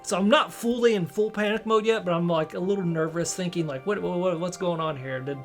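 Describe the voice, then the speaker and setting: Man haltingly telling a personal story. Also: sits high, faint music behind. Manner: halting, with many restarts and quoted dialogue. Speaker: storyteller recounting a personal experience.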